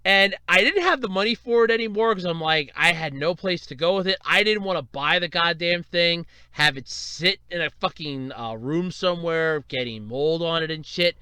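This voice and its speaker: A man's voice: on the high side, normal speed, hardly any pauses, clean tone, no room sound. A young man hosting a solo podcast, telling rambling, profane stories in a casual chat. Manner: rambling, profane, animated storytelling. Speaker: podcast host.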